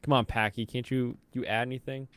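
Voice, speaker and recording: A man's voice: medium pitch, steady tone, brisk, a bit bright, smooth, dry recording. A man hosting a casual reaction stream, sarcastic, laughing often and going off on rants. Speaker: stream host.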